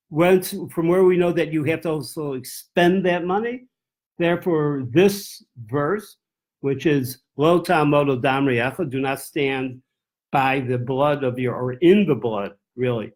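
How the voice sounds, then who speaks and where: Rabbi, man, higher-pitched lecture voice. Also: measured pace, darkish tone. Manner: reads verses aloud in Hebrew, then translates and explains them; thinks aloud, with restarts and self-corrections. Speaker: rabbi teaching a class. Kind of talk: text-study lecture.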